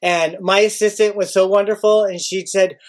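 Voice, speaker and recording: A man who works as a teacher, telling a story casually and acting out his own panic with sudden high outbursts. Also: level tone, normal speed.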